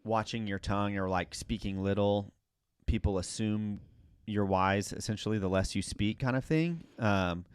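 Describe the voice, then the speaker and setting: A man co-hosting a faith podcast, talking reflectively and haltingly with many fillers and self-corrections. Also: fairly low pitch, clear, resonant tone, no echo, clean studio sound. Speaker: podcast co-host. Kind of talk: casual faith discussion.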